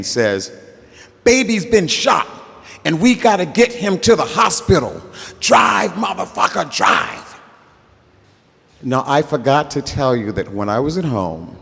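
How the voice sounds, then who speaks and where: An older man telling a story live on stage, relaxed and conversational, acting out the voices of the people in it. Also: mid-range voice. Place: festival workshop stage. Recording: reverberant stage sound.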